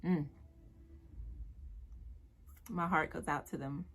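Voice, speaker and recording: A woman's voice: deep voice, fairly even intonation, takes it slowly, fairly bright tone. A young woman vlogger giving blunt, exasperated commentary about dating, with slang and profanity. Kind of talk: direct-to-camera commentary.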